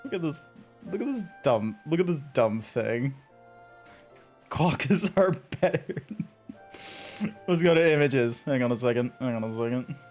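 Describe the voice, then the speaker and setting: A man chatting casually to his stream chat as a game streamer, animated and joking. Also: medium pitch, unhurried, pauses often, soft background music. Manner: animated, chatty, talks to chat, frequent laughs and restarts.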